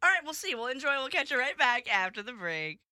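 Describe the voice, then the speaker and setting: A woman's voice: sits high, very animated, fast, pushed and bright, no room sound. A young woman hosting a casual radio chat show, bubbly and laughing often. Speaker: host.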